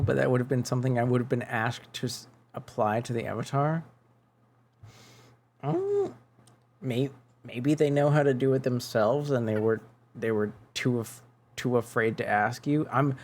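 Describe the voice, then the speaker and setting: A man's voice: medium pitch, lively intonation, moderate pace, creaky. A male streamer in casual gaming chat, rambling and musing aloud to his viewers as he plays. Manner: rambling, muses aloud while chatting with viewers.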